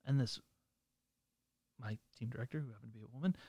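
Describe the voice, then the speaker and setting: A man co-hosting a podcast, telling a story in an animated way and laughing often. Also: medium pitch, quick pace, breathy edge, dry recording. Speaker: podcast co-host. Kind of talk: casual storytelling.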